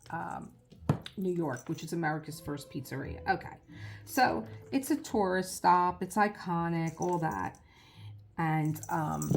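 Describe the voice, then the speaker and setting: A woman's voice: deep voice, gravelly, darkish tone. A woman hosting a crafting channel, telling a long rambling anecdote in casual chat with many restarts. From United States.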